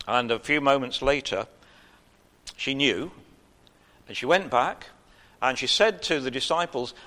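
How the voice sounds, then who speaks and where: Male preacher, chatty informal sermon, light humor, unhurried pauses. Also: medium pitch, lively intonation. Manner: conversational, pauses with uh, gentle humor.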